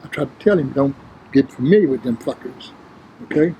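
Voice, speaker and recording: An older man, an interview guest, telling prison and gym stories in a streetwise, profane, animated way, acting out the others' lines. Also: mid-range voice, fairly quick, slight background noise, rough recording. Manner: streetwise, profane, animated retelling with quoted voices. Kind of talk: casual storytelling.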